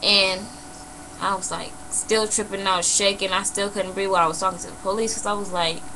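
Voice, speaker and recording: Bright-voiced young woman telling a story. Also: medium pitch, a little fast, a little hiss or hum, low-quality recording. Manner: blunt and animated, swears freely, many "you know"s. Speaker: vlogger. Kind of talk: casual emotional storytelling.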